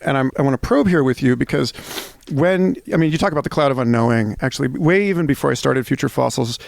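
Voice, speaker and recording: A man's voice: medium pitch, fast talker, vocal fry, no room sound. Male podcast host, dry close sound. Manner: searching, reads passages aloud. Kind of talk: casual podcast interview.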